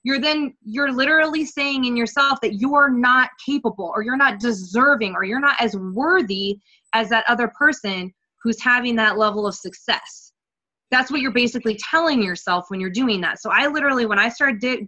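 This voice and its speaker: A woman talking candidly about her coaching journey in a casual interview, swearing freely and getting animated as she retells things. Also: fairly high pitch, moderate pace. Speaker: guest coach.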